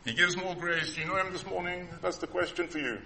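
Bright-voiced man preaching with passion. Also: high-pitched, fast talker, gravelly, a little hiss or hum. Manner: impassioned, emotional preaching with rising peaks. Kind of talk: sermon.

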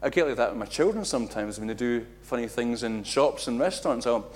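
Male pastor, middle-aged, animated sermon delivery with dramatic swings. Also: mid-range voice, quick pace. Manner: animated, acts out quotes with big swings in loudness. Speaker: preacher.

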